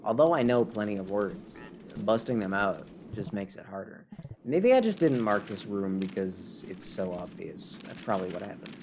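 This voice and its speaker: A man's voice: on the low side, lively intonation, moderate pace, noisy background. A man with a Canadian accent, a little drunk, talking to himself in casual gameplay livestream chatter, rambling and chuckling at his own jokes. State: tipsy from drinking. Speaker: streamer.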